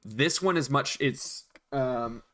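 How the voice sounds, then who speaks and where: A man's voice: mid-range voice, takes it slowly, a bit bright. A man acting as dungeon master, patiently explaining rules and counting out moves in casual chat. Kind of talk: narrating a tabletop game.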